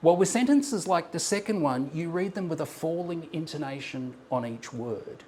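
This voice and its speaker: This conference speaker has a fairly high but dark-toned, expressive voice and keeps a normal pace. Presenting an academic paper in a lecture room with slides on screen, he explains carefully, punctuated by ums and false starts, with slight background noise.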